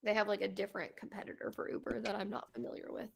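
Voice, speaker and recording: A woman's voice: medium pitch, little pitch movement, racing, creaky, a little hiss or hum. A young woman co-hosting a podcast, chatting casually about a trip, laughing often and acting out what people said. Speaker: podcast co-host.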